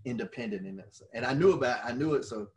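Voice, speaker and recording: Animated, swearing middle-aged male storyteller. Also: mid-range voice, fast. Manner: animated storyteller who swears freely and laughs at his own stories. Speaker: podcast co-host and former wrestler. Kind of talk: casual storytelling chat.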